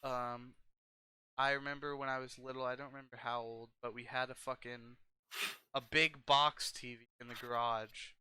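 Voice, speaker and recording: A man's voice: mid-range voice, little pitch movement, moderate pace, pushed and bright, smooth, dry recording. A young man from Arizona co-hosting a podcast, telling stories in an easygoing way with frequent laughs. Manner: easygoing storyteller, laughs often, says dude. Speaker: podcast co-host. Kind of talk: casual chat.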